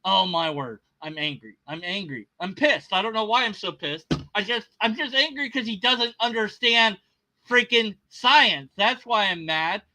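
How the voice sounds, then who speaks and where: A man rants casually about a video he is reacting to, sarcastic and agitated, and often stops to restart a thought. His voice sits high and sounds very bright and cutting. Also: lively intonation, unhurried, poor audio. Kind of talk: casual rant.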